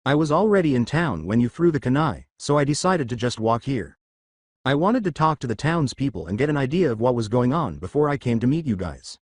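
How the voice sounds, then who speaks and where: Guy reading as a protective young ninja dude, scolding, lively ups and downs. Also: medium pitch, fairly quick, no room sound, studio quality. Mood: reproachful. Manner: reproachful.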